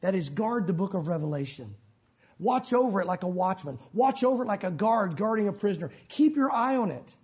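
A man's voice: high voice, expressive, a little fast, darkish tone, husky. A man preaching a sermon as pastor, earnest and direct, often calling his listeners "guys".

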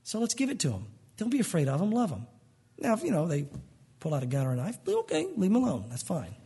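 A pastor delivers a conversational sermon, slipping into quoted voices along the way. His voice sits fairly high for a man and moves fast. The tone is husky. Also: big pitch swings, warm tone.

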